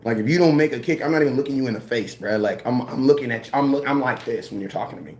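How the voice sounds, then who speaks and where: A man ranting casually about football, slangy and animated, repeating his points. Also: mid-range voice, very fast, roomy sound, a little hiss or hum. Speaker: sports commentator. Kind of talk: casual sports rant.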